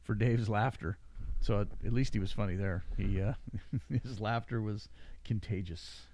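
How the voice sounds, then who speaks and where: A middle-aged man hosts a casual podcast in a low voice, rambling and laughing as he jokes. His voice sounds dry and close, with no room around it. He drifts from one thought to the next in a loose, easygoing way. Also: normal speed, a little mellow, no echo. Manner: rambling, joking, laughs often. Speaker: podcast host. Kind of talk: casual chat. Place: small studio room.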